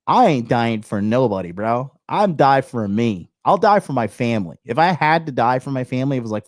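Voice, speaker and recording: A man's voice: mid-range voice, animated, fairly quick, few pauses, no room sound, studio quality. A young man hosting a live call-in show, giving blunt, profane commentary on a clip. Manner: blunt and profane, loose and swaggering.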